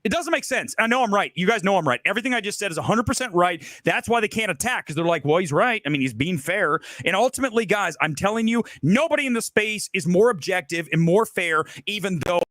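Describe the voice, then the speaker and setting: A heated middle-aged man rants through a film commentary monologue, firing off repeated rhetorical questions. His voice sits high and swoops widely. The sound is dry and close, with no room around it. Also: lively intonation, quick pace, hardly any pauses, a bit bright, no echo. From Ohio. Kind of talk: ranting monologue.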